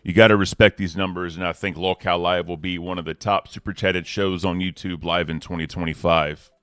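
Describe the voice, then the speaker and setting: A man hosting a casual livestream, laid-back and slangy, giving hype shout-outs to the community. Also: low voice, steady tone, brisk, clean tone, no room sound. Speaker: host.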